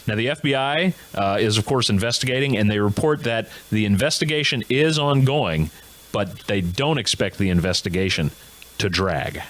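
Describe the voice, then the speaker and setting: A man's voice: lowish voice, animated, normal speed, a bit bright. A man hosting a comedic news monologue who laughs at his own gags. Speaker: comedy show host.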